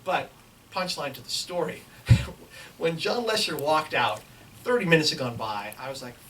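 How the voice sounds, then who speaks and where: A man's voice: on the high side, sing-song, moderate pace. A middle-aged man giving a lecture, telling a comic anecdote to a live audience and acting out the lines of the other people in it. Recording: distant mic with clear background noise.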